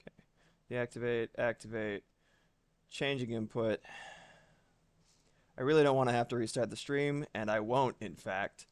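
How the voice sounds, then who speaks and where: A man's voice: mid-range voice, normal speed, long pauses, clean tone, no echo, studio quality. A man streaming live from home, chatting casually with his audience and swearing now and then.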